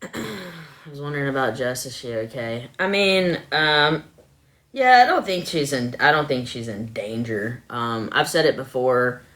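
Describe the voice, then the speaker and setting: A woman's voice: very deep voice, lively intonation, measured pace, a bit bright. A woman hosting a casual live stream from home into her phone, chatty, laughing often and filling her talk with ums. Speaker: livestream host.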